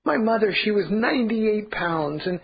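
A man's voice: high voice, expressive, normal speed, gravelly, highs cut off. A man preaching a sermon as pastor, earnest and emphatic, repeating key points.

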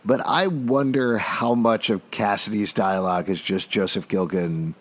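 A man's voice: lowish voice, moderate pace. Wry, jokey male podcast host. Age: middle-aged. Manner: wry, jokey storyteller with frequent restarts. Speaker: podcast co-host recapping a TV episode. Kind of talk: casual chat.

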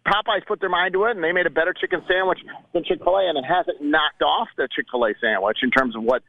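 A man co-hosting a casual talk radio show, asking quick questions and talking over others, heard over a tinny phone-like line. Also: on the high side, gravelly, no echo.

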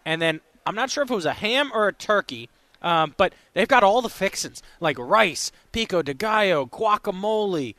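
A man's voice: high voice, expressive, moderate pace, sharp tone, no room sound. A man hosting a live sports radio show, upbeat and chatty, reading out phone numbers between talk. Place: radio row at a sports event.

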